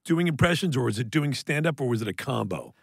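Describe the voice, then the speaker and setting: A man's voice: mid-range voice, lively intonation, fast talker, vocal fry, no echo, studio quality. A man hosting a podcast, telling rambling stories in casual chat and interrupting himself. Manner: rambling, self-interrupting storyteller. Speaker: podcast host.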